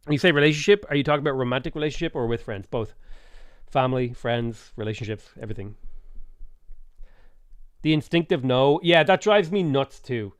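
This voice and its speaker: A mid-pitched Irish man in his thirties talks casually on a stream, rambling and blunt and swearing freely. He acts out small back-and-forth dialogues as he goes. The sound is dry and close, with no room echo. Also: expressive, fairly quick, long pauses. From Ireland. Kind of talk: casual live-stream chat.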